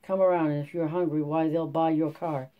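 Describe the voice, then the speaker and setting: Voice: mid-range voice, little pitch movement, brisk, phone-quality sound, lightly acted. A reader doing a weary, bitter old farmhand. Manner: gruff, bitter, drawling folksy speech. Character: weary older male migrant farmworker. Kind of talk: audiobook reading.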